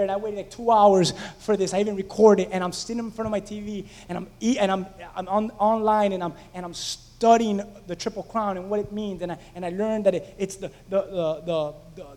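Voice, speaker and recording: A man with a strikingly high voice delivers a casual, story-driven sermon. He turns to the congregation with questions as he goes. His voice carries a long reverb, as in a large sanctuary. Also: darkish tone. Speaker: pastor. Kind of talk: conversational sermon.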